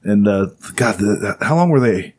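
A man's voice: lowish voice, expressive, unhurried, darkish tone, husky. A man casually retelling a story to friends, rambling with lots of fillers and swearing. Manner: rambling, profane, filler-heavy.

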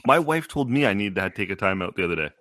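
A man joking in casual chat, lively and quick to laugh as he tells stories about his kids. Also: on the low side, no room sound, clean studio sound. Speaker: parent in group chat.

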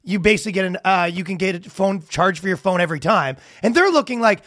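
A man's voice: high voice, fast talker, no echo, clean studio sound. A man co-hosting a podcast, chatting casually and acting out the people in his rants. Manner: animated storytelling with acted-out quotes. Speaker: podcast co-host. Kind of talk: casual comedic chat.

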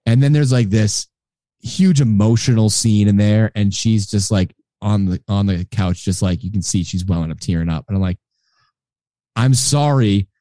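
A man co-hosting a podcast in relaxed casual chat, joking and swearing freely. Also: lowish voice, moderate pace, no echo, studio quality. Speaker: podcast co-host.

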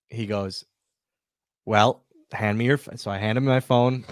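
A man's voice: fairly low pitch, normal speed, dry recording, studio quality. A man, a former wrestler, casually telling a behind-the-scenes story as a podcast guest, acting out the lines of others. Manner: relaxed, animated retelling with quoted dialogue.

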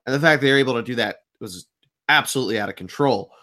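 A man's voice: mid-range voice, fast talker, pushed and bright. Nervous rambling Philly podcast guy. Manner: nervous, rambling, self-deprecating. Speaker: podcast co-host. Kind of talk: casual sports podcast chat.

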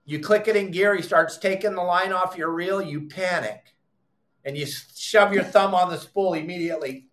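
A middle-aged man with a slightly high voice, teaching fishing technique with emphatic, repeated commands. He goes off on exasperated asides. The room around him sounds echoey. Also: normal speed, a bit bright. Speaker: fishing podcast host. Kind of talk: animated how-to fishing talk.

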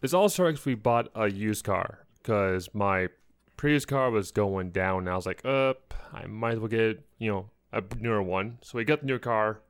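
A man's voice: lowish voice, normal speed, clean tone. A young man co-hosting a podcast, telling an exasperated ranting story in casual chat. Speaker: podcast co-host.

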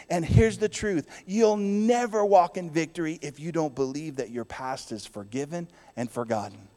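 A man preaching a sermon as pastor to his church, swinging between loud declarations and hushed, soft passages. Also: sits high, moderate pace, long reverb tail.

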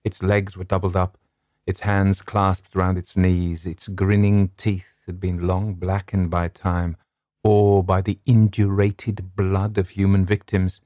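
A man narrating a Victorian horror story in a slow, dramatic, drawn-out delivery. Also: low-pitched, flat delivery, mellow, dry recording, clean studio sound.

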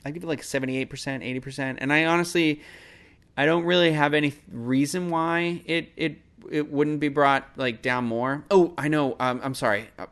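A man's voice: fairly high pitch, steady tone, normal speed, a bit bright, clean tone. A man hosting a podcast, reviewing a film in a casual solo monologue; he rambles, loses his train of thought and pokes fun at himself.

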